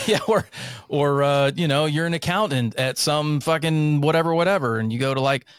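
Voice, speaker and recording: A man in his thirties from central North Carolina, co-hosting a casual podcast chat, rambling and swearing with animated bursts. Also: a little high, normal speed, clean tone, dry recording, clean studio sound. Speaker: podcast co-host.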